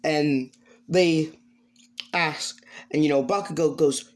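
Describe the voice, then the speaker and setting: A man's voice: on the high side, takes it slowly. Rambling male storyteller. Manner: rambling, many fillers. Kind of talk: improvised fan story narration.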